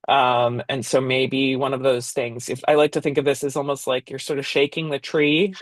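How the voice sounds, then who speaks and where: A woman's voice: a bass voice, little pitch movement, moderate pace, dry recording. A woman leading an art workshop, giving loose, encouraging instructions with fillers and tag questions. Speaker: workshop leader. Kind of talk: instructional talk.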